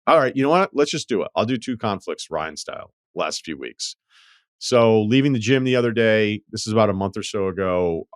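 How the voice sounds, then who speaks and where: A man's voice: deep voice, a bit bright, no room sound, studio quality. A man hosting a podcast, telling stories in a wry, profane, casual way. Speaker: podcast host. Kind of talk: casual chat.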